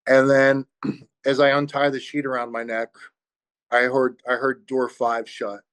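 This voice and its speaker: Man sharing his recovery testimony: mid-range pitch, earnest, halting delivery with pauses. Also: monotone, fairly bright tone, smooth. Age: adult with children. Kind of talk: personal testimony.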